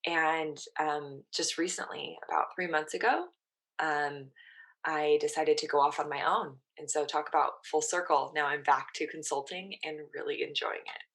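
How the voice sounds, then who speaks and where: A woman's voice: low voice, fairly even intonation, normal speed, a bit bright. A woman in her thirties, a mental performance coach, casually telling her story as a podcast guest and quoting her own past thoughts.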